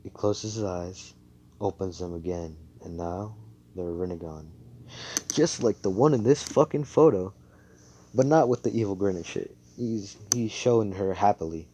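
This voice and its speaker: Low, mellow young man rambling a story. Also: moderate pace, a little hiss or hum. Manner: rambling, profane, full of "like" and "you know". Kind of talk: casual fan-fiction storytelling. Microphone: voice chat mic.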